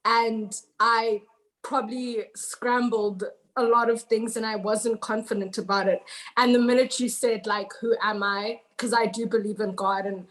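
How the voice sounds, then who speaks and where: A young woman taking part in an online session over a video call, speaking hesitantly and haltingly. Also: a little high, steady tone, a bit bright. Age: young adult. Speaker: participant.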